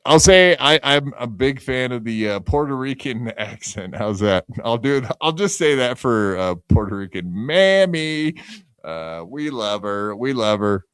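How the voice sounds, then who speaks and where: A man's voice: medium pitch, animated, measured pace, hardly any pauses, a bit bright, clear, resonant tone, no echo. A man co-hosting a podcast, bantering crudely with sarcastic jokes and frequent uh fillers. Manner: sarcastic, joking, trails off with uh. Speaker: podcast co-host.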